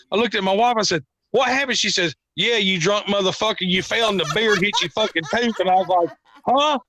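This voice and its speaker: High, bright-voiced swearing man. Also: dry recording. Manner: rambling, profane storytelling. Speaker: podcast guest. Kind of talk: casual chat.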